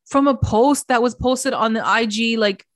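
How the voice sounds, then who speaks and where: A young woman co-hosting a podcast, recapping reality TV in a casual, fast, filler-heavy way, often acting out what others said. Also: on the high side, dry recording, clean studio sound. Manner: fast, filler-heavy retelling with quoted voices. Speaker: podcast co-host.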